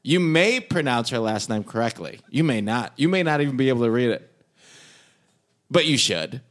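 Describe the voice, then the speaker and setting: Guy in his 30s cohosting a podcast, swears a lot, pitch bouncing all over. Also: normal speed. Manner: joking, swears freely, animated delivery. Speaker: podcast co-host. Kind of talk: casual comedic banter.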